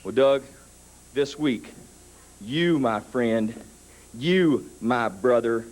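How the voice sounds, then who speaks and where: A man in his thirties telling a story in a wrestling interview, building up to shouted threats. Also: medium pitch, lively intonation, extremely slow, rough recording. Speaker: wrestler cutting a promo.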